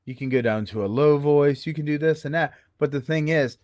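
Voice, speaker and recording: A man talking as a guest about working haunted attractions, telling stories with playful swings between high and low voices. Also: fairly quick, a little mellow, dry recording. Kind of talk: animated storytelling chat.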